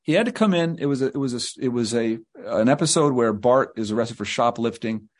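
A man's voice: medium pitch, animated, a little fast. A male guest author telling rambling anecdotes in an interview, slipping into quoted voices.

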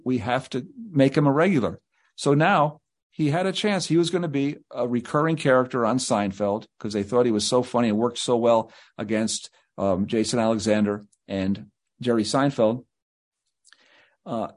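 A man with a mid-range voice, spinning rambling anecdotes as a guest author. He talks in long, meandering stretches and often acts out what other people said. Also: medium pitch. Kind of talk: anecdotal storytelling in an interview.

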